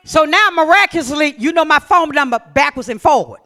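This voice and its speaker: A woman preaching a sermon in a high, bright voice. She is animated, shouting some lines and dropping to hushed near-whispers on others. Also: fairly quick. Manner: animated, swings between loud emphatic lines and near-whispers.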